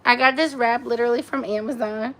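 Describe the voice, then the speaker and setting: A woman's voice: fairly high pitch, fairly even intonation, brisk, fairly bright tone. A woman hosting a casual live stream from home on her phone, chatting with viewers and cooing baby talk to her dog. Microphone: phone camera.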